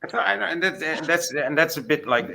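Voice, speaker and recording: A man's voice: on the high side, lively intonation, brisk, gravelly, sharp tone, slight background noise, rough recording. A man in a casual discussion who muses in a rambling, philosophical way. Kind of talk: casual chat.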